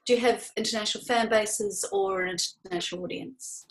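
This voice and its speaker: A woman interviewer moderating an online author chat, keeping things moving at a brisk pace. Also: medium pitch, poor audio. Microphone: video call.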